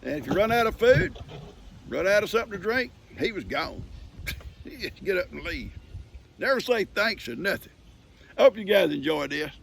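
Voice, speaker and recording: A man's voice: high-pitched, sing-song, normal speed, creaky, long pauses, fairly bright tone, a little hiss or hum. An older man, chuckling as he tells a folksy story on his farm. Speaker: vlogger. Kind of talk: casual storytelling. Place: outdoors on a farm.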